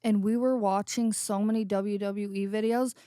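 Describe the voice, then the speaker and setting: Brief: woman co-host, animated storyteller, dry close-mic sound. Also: mid-range voice, normal speed, clear, resonant tone, no echo. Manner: animated storyteller, does silly voices. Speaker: podcast co-host. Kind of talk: casual chat.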